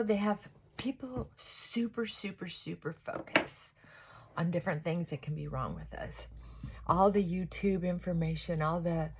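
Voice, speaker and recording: A middle-aged woman talks through her makeup routine in a loose, wandering way, often trailing off mid-thought. Her voice sits a little low and has a husky edge. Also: darkish tone. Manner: rambling, reflective, trailing off. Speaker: vlogger. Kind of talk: casual chat while doing makeup.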